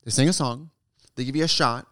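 Deadpan, sardonic man co-hosting. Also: medium pitch, brisk, no echo, studio quality. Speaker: co-host. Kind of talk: casual podcast chat.

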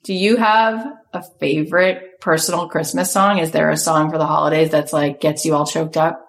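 A woman host with a notably low voice asks questions with enthusiasm. She pauses to reflect between phrases, in a conversational interview style. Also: steady tone.

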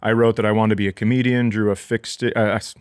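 A man's voice: on the low side, flat delivery, fast, no room sound. A man in his forties from Minnesota, a comedian guest talking in a laid-back, dry way with short answers. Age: 40s. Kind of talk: casual interview.

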